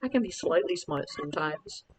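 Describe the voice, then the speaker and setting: A man's voice: fairly high pitch, animated, moderate pace, slight background noise, low-quality recording. A man streaming a game live, chatting casually and rambling with self-mocking asides to his viewers.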